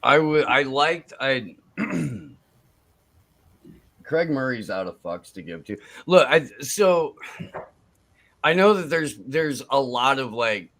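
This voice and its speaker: A man in rambling, halting casual chat on a desktop computer mic. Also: medium pitch, big pitch swings, a bit bright. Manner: rambling, halting, lots of fillers.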